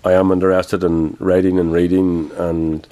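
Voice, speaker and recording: An older Irish man, a guest in a radio interview, speaking in a measured, grave way with frequent pauses. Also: low voice, flat delivery, warm tone. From Ireland.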